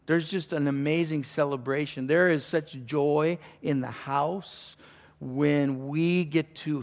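A middle-aged man, a pastor preaching a conversational, enthusiastic sermon with restarts and throat-clearing. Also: fairly high pitch.

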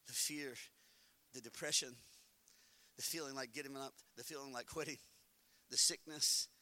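A pastor with a medium-pitched voice preaches a sermon, shifting between quiet speech and shouting. He tells funny stories and acts out inner voices along the way.

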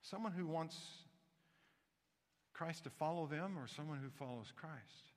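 A man pastor preaching a sermon in a church, an animated storyteller who slips into voiced asides. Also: on the high side, measured pace, long reverb tail.

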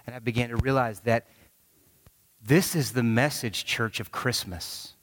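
A man in his thirties preaching a sermon, telling a personal story with animated quoted voices. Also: medium pitch, unhurried, slight background noise. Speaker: pastor. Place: large church auditorium. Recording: long hall reverb.

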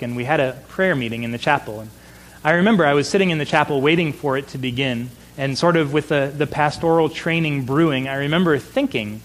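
A middle-aged man preaching a sermon in an earnest voice, slowing down for emphasis. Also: mid-range voice, a bit bright, low-quality recording. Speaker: pastor.

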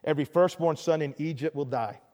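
A man playing a stern, grave prophet declaring judgment in a low, slow voice for a sermon. Long church-hall reverb trails each phrase. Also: darkish tone, lightly acted. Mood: solemn. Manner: slow and grave, then pleading with anger. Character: stern prophet delivering God's doom, male.

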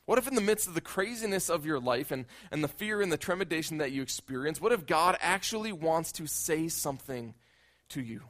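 A man's voice: on the high side, animated, brisk, a bit bright. A male pastor preaching a conversational sermon, often repeating words as he builds a point.

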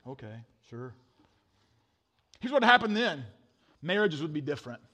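A middle-aged man preaching a sermon, telling a funny story with animated swings from loud to hushed. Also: sits high, brisk. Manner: animated storytelling, sudden drops to a hush. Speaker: pastor.

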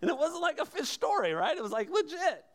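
Pastor, male, high voice, conversational yet emphatic preaching style. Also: big pitch swings, fairly quick. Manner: conversational and emphatic, with rhetorical questions. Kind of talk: sermon.

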